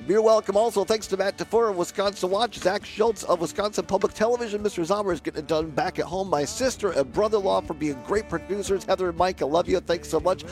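A male radio host with a somewhat high, gravelly voice. He chats in a loose, joking way and signs off with energy. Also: fast talker, few pauses, faint music behind. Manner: jokey, energetic sign-offs. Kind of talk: casual radio chat.

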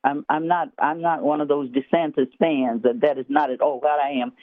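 A man's voice: a little high, steady tone, dry recording. Man telling stories over a tinny phone line. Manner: unhurried anecdotes, frequent restarts. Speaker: guest author. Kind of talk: storytelling interview.

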